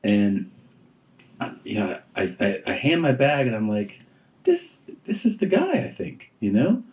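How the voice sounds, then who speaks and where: A man's voice: medium pitch, wildly swooping pitch, unhurried, darkish tone. A male comedian telling a story in casual podcast chat. He swears freely, laughs as he talks and mimics the people in his story. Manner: profane, laughs while telling, mimics other people's voices.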